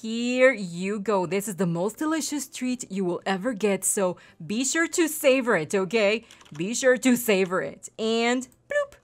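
A woman's voice: medium pitch, expressive, measured pace, few pauses. A woman giving let's play commentary, chatty and cooing to her in-game puppy. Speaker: gaming video creator.

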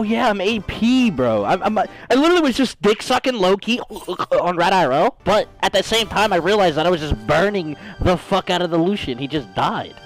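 A young man talks over his gameplay in a high, bouncy voice that swoops up and down. His chatter is crude and excitable, and he breaks into sudden shouts. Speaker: streamer. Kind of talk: casual gaming stream chatter.

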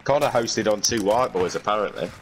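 A man's voice: lowish voice, a little fast, a little hiss or hum. A young man, streaming a shooter game over a headset and bantering with his squad. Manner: excitable, banter-heavy. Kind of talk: casual gaming chat. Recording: game gunfire behind the voice.

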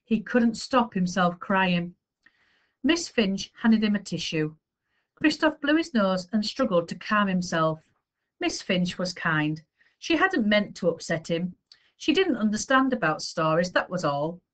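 A woman reading a children's chapter book aloud with expressive storytelling. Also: mid-range voice, a little slow. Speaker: story reader.

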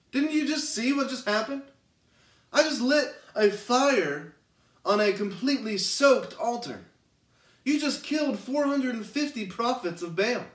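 A man's voice: extremely high pitch, pitched above the performer's own voice, heavily acted. A man doing an exasperated buddy-like God. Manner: incredulous, slangy, rapid questioning. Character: exasperated casual male God, talking like a buddy. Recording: roomy, distant mic.

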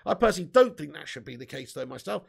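A man's voice: on the high side, big pitch swings, fast, creaky, husky. A young man hosting a football fan live stream, chatty and casually swearing while reading out viewer comments. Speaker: football fan channel host.

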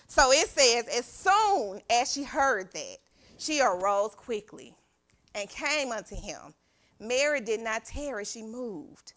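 Woman youth pastor, bright and slightly high voice, animated sermon delivery with call-and-response. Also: measured pace. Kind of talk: sermon reading scripture aloud. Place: church sanctuary.

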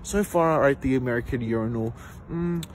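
A man's voice: medium pitch, brisk, slight background noise. A young Australian man vlogging casually to camera, rambling and frank, with lots of fillers and restarts. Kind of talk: casual vlog talk to camera.

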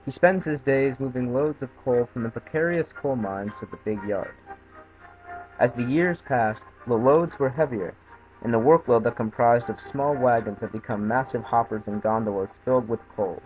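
A man narrating a scripted children's train story in a steady storybook reading. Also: mid-range voice, moderate pace, lo-fi sound, faint music behind.

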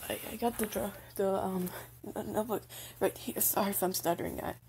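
A woman's voice: mid-range voice, slow, vocal fry, slight background noise. A young woman playing a shy, lonely undead young being in a role-play spoken to the listener, stuttering and hesitant.

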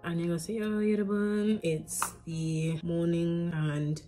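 A woman's voice: on the low side, flat delivery, unhurried, over music. A woman, chatting casually to camera in a filler-heavy vlog while getting over a sore throat. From England. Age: 20s. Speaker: vlogger. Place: at home.

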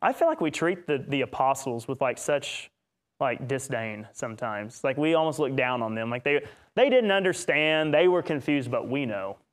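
A man teaching a Bible study session as a preacher, talking in an animated way with joking asides. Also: medium pitch, normal speed.

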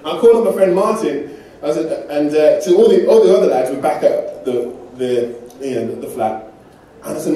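A man from England preaches to a congregation, telling personal stories with self-deprecating humor in a loose, conversational way. His voice sits a little high but mellow and dark. He is recorded from a distance, so the church hall echoes around him. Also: expressive, quick pace. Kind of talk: sermon.

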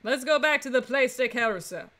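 A woman's voice: sits high, animated, a little fast, sharp tone. A woman streaming a story game, chatting casually with playful, laughing asides.

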